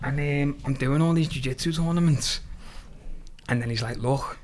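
A man from Liverpool with a Scouse accent, a podcast guest lively retelling his story with quoted dialogue and plenty of swearing. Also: medium pitch, normal speed. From Liverpool, England. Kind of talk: casual storytelling interview.

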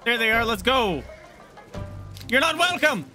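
Excitable young gamer yelling at enemies. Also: male voice, extremely high pitch, a little slow, faint music behind. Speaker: gaming streamer. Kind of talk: casual let's-play commentary.

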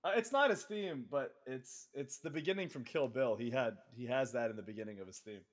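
A man's voice: mid-range voice, fairly quick. A man co-hosting a game stream, telling crude, joking wrestling stories in casual banter. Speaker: co-host and wrestler.

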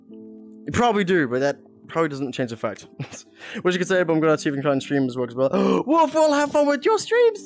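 A streamer chatting casually during a VR game, giggling a lot and swearing often, speaking into a headset mic. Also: mid-range voice. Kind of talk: casual live-stream chat while playing a VR game.

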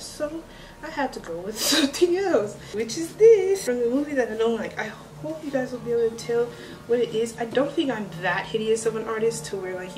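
A woman's voice: fairly high pitch, distant mic, low-quality recording. A woman vlogging in a chatty, exclamatory way, talking straight to her viewers. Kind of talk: casual chat to camera. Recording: music playing under the voice. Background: spooky background music.

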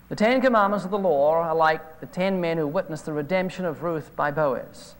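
High-voiced man preaching a sermon. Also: brisk, hardly any pauses. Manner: storytelling, animated retelling of phone calls. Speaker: evangelist preacher. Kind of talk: sermon with anecdotes. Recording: hall reverb from an old videotape.

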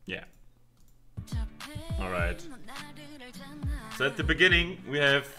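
A man hosting a reaction video, commenting with quick exclamations and laughs. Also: mid-range voice, big pitch swings, over music.

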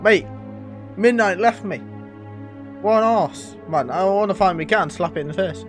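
A man's voice: high voice, normal speed, pauses often, faint music behind. A man doing let's play commentary, sarcastic and sweary, talking back to the game. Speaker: gaming channel host.

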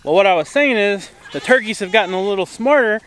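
High-voiced man in a noisy farmyard. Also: animated, quick pace, a bit bright. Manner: easygoing, chatty, calls to animals. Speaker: farm channel host. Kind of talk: casual farm vlog talking to viewers. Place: farm shop and goat pen, partly outdoors. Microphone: camera set down nearby, he moves around it. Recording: noisy farmyard with animals in the background.

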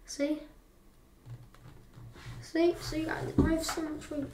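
British female reactor, mocking and defensive, dark mellow voice; roomy far-off recording with a faint hiss. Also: sits high, level tone, takes it slowly. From Britain. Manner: defensive, mocking, talks back at the screen. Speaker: YouTuber reacting to a video. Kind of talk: casual reaction commentary. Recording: roomy, distant mic, faint background noise.

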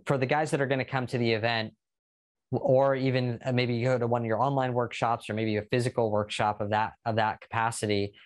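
A podcast host with a medium-pitched voice and flat delivery talks a little fast in a casual interview. He is upbeat and conversational and tends to ask long questions.

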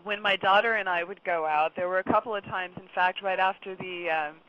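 A middle-aged woman, a regular guest on a radio talk show, telling a long story in a chatty, lively way and laughing often. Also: fairly low pitch, brisk. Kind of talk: casual radio chat. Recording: dull lo-fi sound, faint noise.

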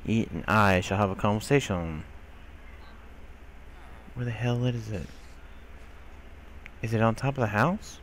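Gamer, man, lowish voice, exasperated running commentary, faint hiss behind. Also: unhurried, pauses often. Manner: exasperated, grumbling, talks to game characters, mild swearing. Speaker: gameplay commentator. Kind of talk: casual let's-play commentary.

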